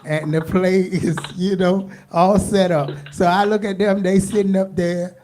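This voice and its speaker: A folksy woman hosting a community call-in radio show. Her voice is dark and mellow, and she talks in a loose, chatty, drawn-out way. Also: fairly low pitch, flat delivery, a little hiss or hum. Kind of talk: casual call-in radio chat.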